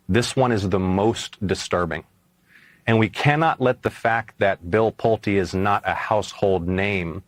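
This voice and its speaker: A man with a low voice speaks with urgent, forceful conviction as a politician answering an interviewer. The recording is dry and close. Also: dry recording. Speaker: senator and candidate.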